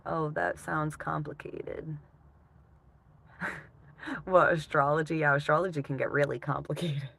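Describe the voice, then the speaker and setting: A woman's voice: low voice, steady tone, measured pace, gravelly, long pauses, fairly bright tone, slightly rough. A woman live streaming, chatting casually with her viewers, laughing often and swearing freely.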